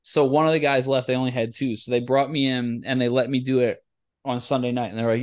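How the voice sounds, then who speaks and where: A man hosting a podcast who swears freely while telling animated stories. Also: medium pitch, fast. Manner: profane, animated storyteller. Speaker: podcast host. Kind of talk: casual storytelling chat.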